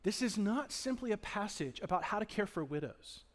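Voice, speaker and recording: High-pitched guy pastor preaching, gets loud then goes quiet and intense. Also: moderate pace. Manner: animated preaching, swings from loud emphasis to hushed intensity. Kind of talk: sermon. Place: church sanctuary.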